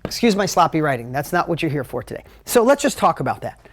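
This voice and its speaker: A man teaching a live motivational talk at a whiteboard, energetic, emotional and conversational. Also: a little high, fast talker, slight background noise. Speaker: motivational business coach.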